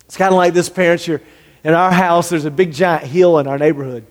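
A man's voice: a little high, fairly even intonation, brisk, long reverb tail. A man preaching a sermon as a pastor, earnest, acting out the lines of people he describes. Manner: earnest, acts out dialogue in quoted voices.

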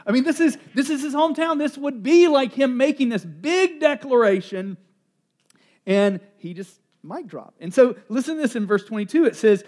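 A middle-aged man preaching a sermon as pastor, animated and joking as he acts out the voices of townspeople. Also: very high-pitched, normal speed.

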